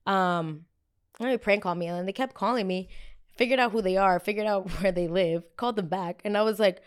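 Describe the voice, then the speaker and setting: A woman's voice: medium pitch, brisk, clear, resonant tone. A woman hosting a show, chatting casually about pop culture in a blunt, gossipy and profane way, often going off on tangents. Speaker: host.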